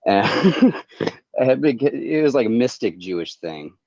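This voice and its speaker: A man talking earnestly and casually on a livestream call, halting and rambling with many restarts. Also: medium pitch, very animated, creaky, darkish tone, dry recording. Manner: earnest, confessional. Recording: dull, dry lo-fi call audio.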